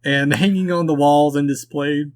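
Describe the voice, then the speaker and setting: A man's voice: a little high, fairly even intonation, normal speed. A man co-hosting a podcast, chatting casually about a movie in a dry, offhand way. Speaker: podcast co-host. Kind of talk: casual movie review chat.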